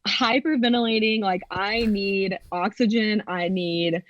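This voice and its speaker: A woman in her twenties telling a personal story on a podcast in an animated way, with lots of fillers. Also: medium pitch, measured pace. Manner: animated, acts out quotes, many fillers. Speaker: podcast co-host. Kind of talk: casual storytelling. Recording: dull, dry sound.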